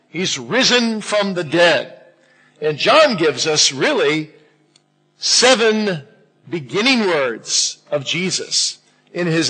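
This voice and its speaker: A male pastor delivers a sermon in a church with a bright, forceful tone and a slightly raised pitch. He speaks deliberately, lifting his voice to stress key phrases. A husky grain runs through his delivery. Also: rough recording.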